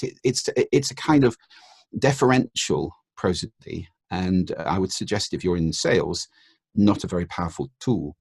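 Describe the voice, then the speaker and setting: A man, a guest expert in a podcast interview, explaining in a measured way and demonstrating intonation with his voice. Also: fairly low pitch, animated, a little mellow, breathy edge, no echo, studio quality.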